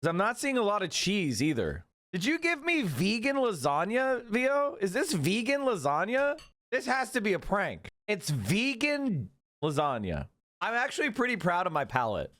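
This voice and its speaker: A man streaming casually to his chat, animated, sarcastic and profane. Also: high voice, normal speed, dry recording, studio quality. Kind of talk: casual livestream commentary.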